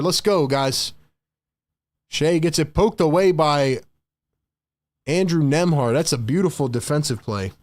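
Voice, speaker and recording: Excitable young man calling a game live. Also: on the high side, no echo. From Philadelphia area. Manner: excitable, hypes the chat, shouts at big plays. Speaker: live stream host doing play-by-play. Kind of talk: fan play-by-play commentary on a live stream.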